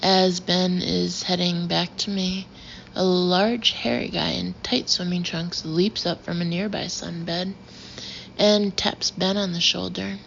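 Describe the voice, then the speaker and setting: Lady narrating a story, low voice, kinda muffled lo-fi sound. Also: steady tone, slow, vocal fry, fairly bright tone. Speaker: audiobook narrator. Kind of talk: first-person audiobook narration. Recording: dull lo-fi audio with faint hiss.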